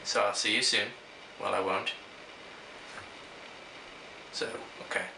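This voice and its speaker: A young man talks casually to the camera, rambling through his answers and stories and often restarting his sentences. His voice sits a little low but sounds bright and forceful. It is recorded from a distance in an echoey room. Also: flat delivery, slow, gravelly, a little hiss or hum. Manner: rambling, storytelling, self-interrupting. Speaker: vlogger answering question prompts.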